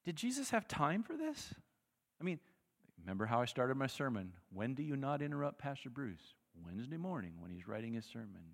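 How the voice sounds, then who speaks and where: A male pastor preaching a sermon in a conversational, animated way, acting out the people in the story. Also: medium pitch, fairly quick, creaky, in a large hall. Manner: animated, conversational, acts out quotes.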